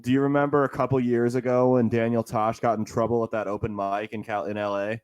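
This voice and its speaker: A comedian on a podcast with an average, middle-pitched man's voice tells stories in a relaxed way. He laughs easily and talks like he is chatting with a friend. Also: quick pace, clear, resonant tone, dull audio. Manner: laid-back storyteller, laughs often. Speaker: comedian guest. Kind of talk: casual chat, telling stories.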